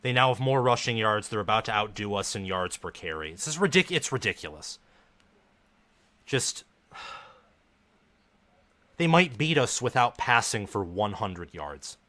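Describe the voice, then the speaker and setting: Male live stream host with a bright, forceful voice, commenting on a game as a gloomy, frustrated fan. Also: on the low side, very animated, measured pace, long pauses. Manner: frustrated, dejected fan talk.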